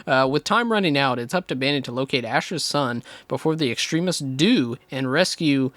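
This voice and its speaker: A man's voice: mid-range voice, animated, moderate pace, fairly bright tone, dry recording. A man co-hosting a film podcast, recapping the plot with wry sarcasm. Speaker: podcast co-host. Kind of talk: casual film chat.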